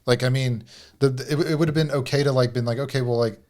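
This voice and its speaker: A man's voice: mid-range voice, steady tone, fast talker, a little mellow. A man marriage coach in a casual podcast chat, rambling with lots of filler words.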